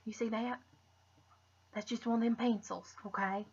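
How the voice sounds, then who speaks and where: A woman's voice: a little high, fairly even intonation, moderate pace, breathy edge. A woman chatting through a casual makeup tutorial, rambling, restarting with "but anyways" and muttering asides to herself. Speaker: makeup vlogger. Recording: dull lo-fi recording.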